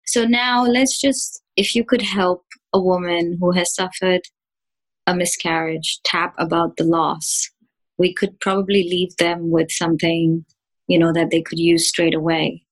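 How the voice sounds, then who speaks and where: A woman's voice: lowish voice, steady tone, unhurried, low-quality recording. A woman hosting an interview, thanking her guest and encouraging listeners to try what they heard. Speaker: podcast host. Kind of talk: interview conversation.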